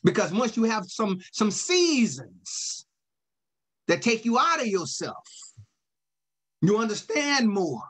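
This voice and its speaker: A man's voice: high voice, big pitch swings, slow, long pauses, a bit bright, husky. A male pastor preaching a sermon, telling stories in a repetitive, emphatic way with casual dialect.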